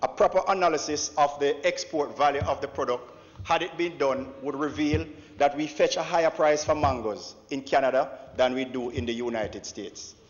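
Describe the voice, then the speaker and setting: A man's voice: on the high side, normal speed. Jamaican man, opposition MP, declamatory debate speech, long hall reverb. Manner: declamatory, punctuates with "Mister Speaker". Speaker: opposition member of parliament. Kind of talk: formal parliamentary speech. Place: large parliament chamber. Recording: dull echoey chamber broadcast audio.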